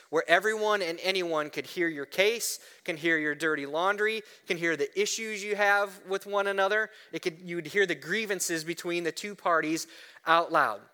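A man preaching a sermon, animated, often asking "right?" and restarting words. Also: sits high, clean tone. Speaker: pastor.

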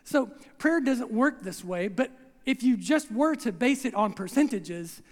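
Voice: mid-range voice, lively intonation, a little slow, long reverb tail. A preacher giving a conversational sermon who acts out scenes and keeps checking in with the congregation, recorded in a church sanctuary.

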